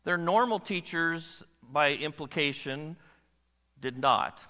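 A pastor gives an animated sermon with a bright, forceful voice pitched a little above the usual for a man. He keeps checking in with his listeners, and long reverb trails his words through the hall. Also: takes it slowly. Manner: animated, asks the audience questions.

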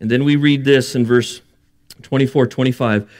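A man's voice: mid-range voice, fairly even intonation, moderate pace, darkish tone. A man preaching a sermon, earnest and building to emphatic bursts, with joking asides. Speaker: pastor.

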